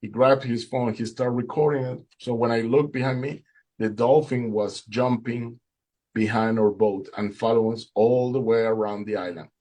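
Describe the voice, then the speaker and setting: A man's voice: medium pitch, steady tone, normal speed, warm tone. A man telling a personal faith testimony, recounting events with emotion and acting out the dialogue. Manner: emotional storytelling, acts out dialogue. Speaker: speaker giving testimony.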